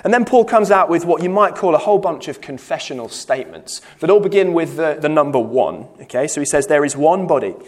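A man leads a Bible study in a church hall, explaining a passage with lots of "okay"s and restarts. His voice is on the high side and sing-song, moving briskly with few pauses.

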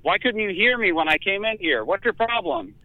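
A stern, no-nonsense female nurse, as a man puts her on, barking question after question like a drill sergeant. The voice is pushed high above his own. It comes through a thin, tinny phone-line sound. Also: lively intonation, fairly quick, gravelly, dry recording. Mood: scolding.

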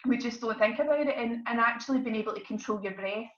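A woman's voice: fairly high pitch, fast talker. A woman who works as a counsellor and meditation teacher, talking earnestly and reflectively in a casual interview. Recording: dull, roomy sound.

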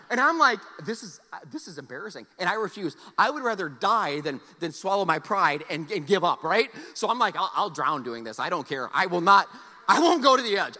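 A man preaching a sermon, telling a personal story with animated, loud exclamations and soft, earnest appeals. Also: high voice. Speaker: pastor. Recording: long hall reverb.

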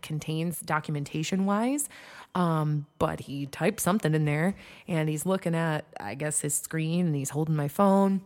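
A young woman from Michigan hosting a podcast, telling a story in a chatty, animated way full of "like". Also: low voice. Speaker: podcast host. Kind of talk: casual storytelling.

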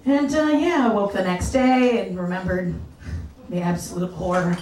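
A woman telling a crude, self-mocking personal story live onstage, animated and laughing through her punchlines. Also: mid-range voice, moderate pace, a little hiss or hum. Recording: echoey live room, mic at a distance.

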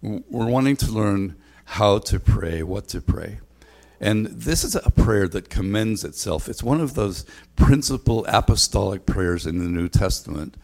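An older man delivers a sermon with a somewhat low voice. He speaks earnestly and conversationally, stumbling and restarting phrases as he goes. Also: lively intonation, a little slow, creaky, a little mellow. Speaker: pastor.

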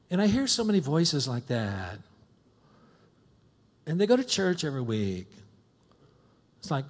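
A man's voice: fairly high pitch, very animated, unhurried, pauses often, darkish tone. A male pastor preaching a sermon in a church, acting out voices of complainers and children. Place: church sanctuary.

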